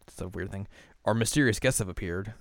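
A man co-hosting a podcast, recapping an episode in a casual, animated way with frequent laughs. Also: lowish voice, fairly quick, creaky, no echo, studio quality. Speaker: podcast co-host.

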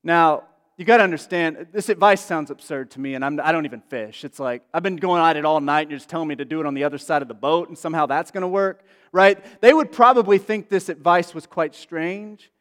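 Speaking fairly quickly with few pauses, this man has a slightly high, fairly bright voice. He's a pastor delivering a relaxed, talkative sermon full of asides and fillers, recorded in a large hall with long reverb.

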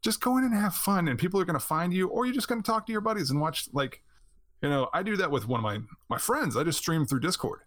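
A man's voice: high voice, quick pace, dry recording. A man in his thirties hosting a podcast, chatting casually and acting out quotes with a laugh. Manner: animated storyteller, laughs often, acts out quotes. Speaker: podcast host. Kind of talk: casual chat.

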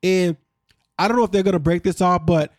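A man's voice: sits high, fairly even intonation, brisk, dry recording, studio quality. A man hosting a podcast, recapping a reality show in casual chat and acting out what people said.

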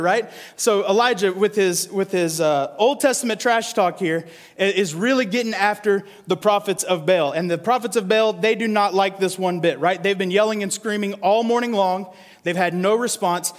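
A man preaching a casual, animated sermon, reading scripture and often asking "right?" to his listeners. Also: high voice, normal speed. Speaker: pastor. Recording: long reverb of a large hall.

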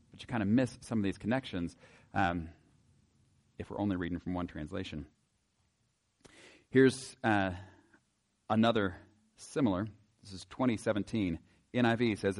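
A man giving a casual, wry Bible teaching to a group, often pausing on filler words and reading passages aloud. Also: on the low side.

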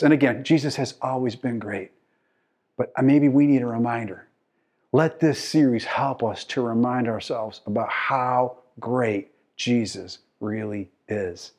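A male pastor preaching a sermon with passion. His delivery swings from quiet to loud, and he calls out to the congregation. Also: medium pitch. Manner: impassioned, swinging from soft to loud.

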